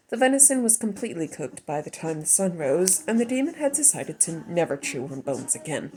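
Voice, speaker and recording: Low-voiced woman reading her story. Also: dark tone, poor audio. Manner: chatty, self-deprecating asides between narration. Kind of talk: story reading with casual asides.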